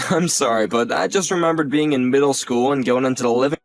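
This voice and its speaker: A man playing a sincere young man who teases his aunt gently and thanks her earnestly. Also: medium pitch, fairly quick, no room sound, studio quality, soft background music, close to an everyday voice. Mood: teasing. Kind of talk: audio drama acting.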